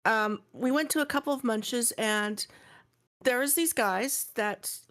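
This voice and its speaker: A woman's voice: a little high, measured pace, fairly bright tone. A woman from Canada with a neutral West Coast Canadian accent, telling stories in casual podcast chat as co-host. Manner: storytelling, acts out quoted dialogue.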